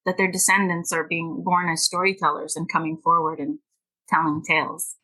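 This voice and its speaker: Bright-voiced animated woman telling stories. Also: lowish voice, normal speed, poor audio. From Canada. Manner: animated storyteller, laughs often, acts out quoted voices. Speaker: guest author. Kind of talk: podcast interview.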